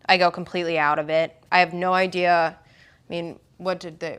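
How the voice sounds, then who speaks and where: A woman's voice: fairly low pitch, flat delivery, normal speed, a bit bright, clean tone. A young woman from Oklahoma telling her story in an interview, rambling and full of "like" and quoted dialogue.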